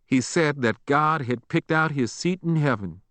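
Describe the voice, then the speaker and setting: A male narrator voicing a stern, sharp-tongued elderly grandmother who scolds curtly. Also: on the high side, measured pace, no echo, voice pushed up. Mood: scolding. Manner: scolding, curt.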